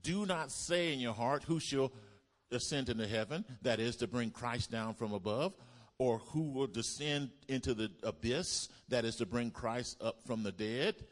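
A pastor preaching a sermon to his congregation, asking them to repeat lines back and building up to loud exclamations. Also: mid-range voice, measured pace. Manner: call-and-response preaching, builds to shouts. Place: church.

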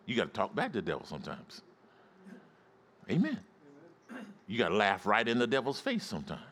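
A man's voice: on the low side, wildly swooping pitch, fairly quick, pauses often. A male pastor preaching a sermon, emphatic and calling out to his congregation for responses.

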